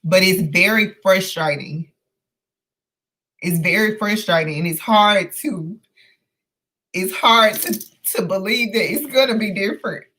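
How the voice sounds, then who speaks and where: Impassioned woman host, slow and bright. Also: mid-range voice. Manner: earnest, impassioned, halting with many fillers and restarts. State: emotional, close to tears. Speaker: host of a live book discussion. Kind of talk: casual live-stream discussion.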